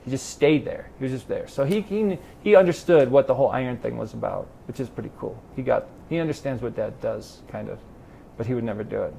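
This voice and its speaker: Sitting for a casual interview in a garage, a middle-aged Los Angeles triathlon club president tells animated stories and acts out the dialogue. He talks quickly in a mid-range, creaky voice, and a little hiss or hum is audible.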